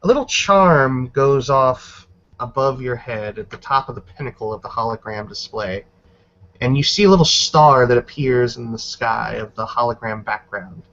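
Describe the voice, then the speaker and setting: A man running a tabletop game as game master, describing the scene in a measured way. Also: mid-range voice, a bit bright. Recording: dull lo-fi recording.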